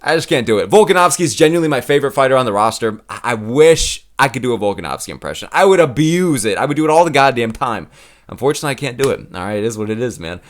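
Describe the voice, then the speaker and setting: A young man chatting casually on his own channel, swearing freely and laughing often. His pitch swings around in a lively way. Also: rapid-fire. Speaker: YouTube host. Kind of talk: casual profane chat.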